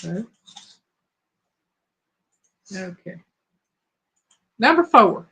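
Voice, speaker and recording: A woman hosting a live trivia chat. Her voice is hoarse, and she talks casually while reading out viewers' answers. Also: mid-range voice, fairly bright tone. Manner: chatty, reads out viewers' answers.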